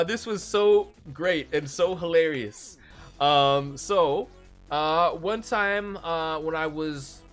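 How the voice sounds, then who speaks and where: A man, a voice actor, hosting a casual live stream and answering viewer messages, chatty and animated. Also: on the high side. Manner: chatty and animated, often laughing.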